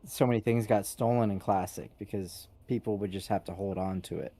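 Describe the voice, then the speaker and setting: A man's voice: fairly low pitch, fairly quick, dark tone. A man making laughing, teasing remarks in casual gaming chat.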